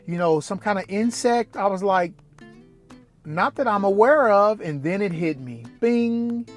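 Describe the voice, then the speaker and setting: A man in a casual vlog, telling a story from his own life with a lively, animated delivery. He acts out the dialogue and jumps to a much higher pitch when incredulous. Faint music plays underneath. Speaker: vlogger.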